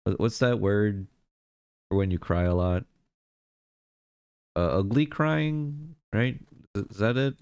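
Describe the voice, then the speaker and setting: A man's voice: fairly low pitch, normal speed, long pauses, a little mellow, smooth, no echo, studio quality. A man streaming live, chatting casually and greeting viewers one by one. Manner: chatty, greets viewers by name, laughs easily.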